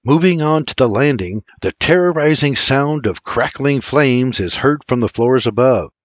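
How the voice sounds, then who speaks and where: A man's voice: medium pitch, lively intonation, normal speed, no echo, dull audio. An older man reading an audiobook with intense, dramatic storytelling. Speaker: audiobook narrator. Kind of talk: scripted dramatic audiobook narration.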